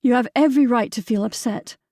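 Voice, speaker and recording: A woman doing a gentle, reassuring older sister. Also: on the high side, fast talker, dry recording, studio quality, voice pushed up. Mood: soothing. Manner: soothing, reassuring.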